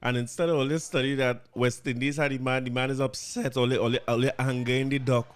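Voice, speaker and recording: A man's voice: medium pitch, flat delivery, quick pace. A Trinidadian man hosting a podcast, chatting casually and wryly about politics and cricket, laughing now and then. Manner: chatty, wry, laughs while reading out quotes. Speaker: podcast host. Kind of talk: casual commentary.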